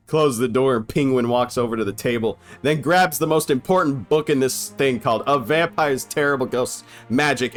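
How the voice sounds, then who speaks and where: A man's voice: mid-range voice, normal speed, soft background music. Irreverent young man riffing on a film. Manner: irreverent, profane, laughing often. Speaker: film commentator. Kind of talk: casual comedic riffing over a film.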